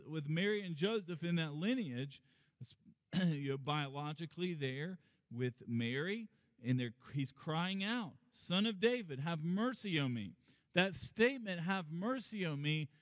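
A man preaching a sermon in a conversational way, his voice rising higher and louder when he stresses a point. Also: no echo, long reverb tail. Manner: conversational preaching that climbs in pitch and volume for emphasis. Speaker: pastor.

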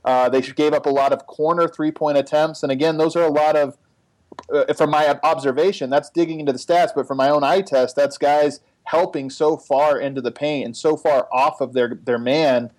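A man's voice: fairly high pitch, steady tone, normal speed, darkish tone, dry recording, poor audio. A man co-hosting a basketball podcast, giving casual analysis and thinking aloud with frequent restarts. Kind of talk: casual sports analysis chat.

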